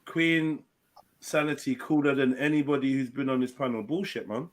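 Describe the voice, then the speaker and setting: A man's voice: mid-range voice, steady tone, moderate pace. A man hosting a live online panel, brash and teasing, swearing freely in casual banter. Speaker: panel host.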